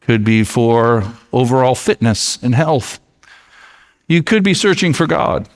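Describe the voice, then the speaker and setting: A man's voice: mid-range voice, expressive, measured pace. Male pastor preaching in an echoey church. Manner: conversational, storytelling delivery. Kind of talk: sermon. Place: church sanctuary.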